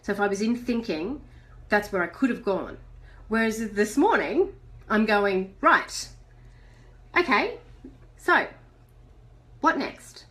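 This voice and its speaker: A woman's voice: medium pitch, animated, slow pace, pauses often, a bit bright. A middle-aged woman hosting a live video chat. She talks chattily, reads out viewer messages, and laughs often. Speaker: host.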